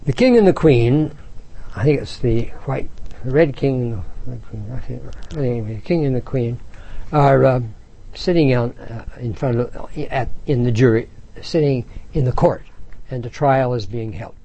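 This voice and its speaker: Mellow-voiced man giving a spiritual talk. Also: medium pitch, breathy edge, rough recording. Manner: reflective, unhurried, with halting restarts. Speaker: spiritual teacher. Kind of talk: spiritual talk with book readings.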